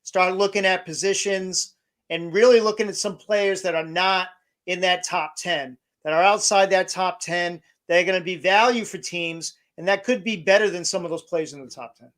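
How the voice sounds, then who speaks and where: High-voiced man co-hosting a sports podcast. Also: moderate pace, fairly bright tone. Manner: rambling, filler-heavy, starts over mid-phrase. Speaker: podcast co-host. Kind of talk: casual sports podcast chat.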